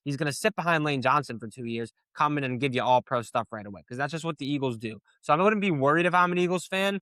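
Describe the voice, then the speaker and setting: A tired young man rants through a casual sports talk show, swearing freely and getting more animated as he gets annoyed. His voice is bright and forceful, pitched a little high for a man, and the sound is close and dry. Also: fast talker, no echo. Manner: profane, ranting, animated when annoyed. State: tired late at night. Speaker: sports podcast host.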